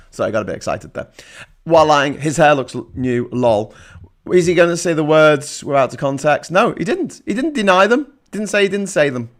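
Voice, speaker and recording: A man hosting a political livestream, reading chat messages and ranting sarcastically, swinging between loud outbursts and low muttering. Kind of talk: ranting live-stream commentary reading chat.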